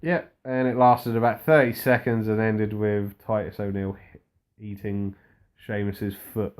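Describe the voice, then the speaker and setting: Slow, low-voiced man recapping wrestling. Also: steady tone, darkish tone, clear, resonant tone. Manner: laid-back, dry and rambling, slipping into mock quotes. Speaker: podcast co-host. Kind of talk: casual wrestling recap chat.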